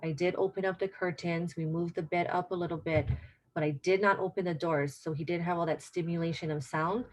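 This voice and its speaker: A woman's voice: on the low side, steady tone, brisk. Middle-aged woman, dementia care educator; earnest, informal presentation style, drives home key points by repeating them.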